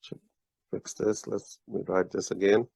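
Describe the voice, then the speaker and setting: Slow, patient man teaching a lesson. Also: low-pitched, little pitch movement, creaky, a little mellow, husky, no echo. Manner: patient, slow explaining with frequent restarts and praise. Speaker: Urdu teacher. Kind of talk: casual one-on-one language lesson. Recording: dull, lo-fi, dry audio.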